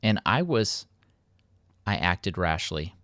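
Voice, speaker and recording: Low-voiced male game host, chatty and self-mocking, dry close sound. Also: very animated, slow pace, fairly bright tone, no echo. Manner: rambling, self-mocking, playful. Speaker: let's play host. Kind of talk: casual gameplay commentary.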